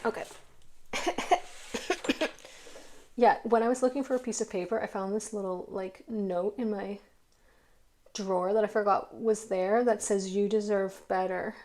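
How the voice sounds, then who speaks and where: A woman's voice: mid-range voice, fairly even intonation, unhurried, pauses often, darkish tone. A middle-aged woman giving a pick-a-card tarot reading in a chatty, emotional, rambling way.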